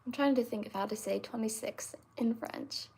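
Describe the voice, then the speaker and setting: A woman in her twenties hosting a livestream, chatting with viewers and answering them with many pauses and fillers. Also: a little high, gravelly, dark tone, breathy edge. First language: English. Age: 20s. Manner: hesitant, many fillers and restarts. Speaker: livestream host.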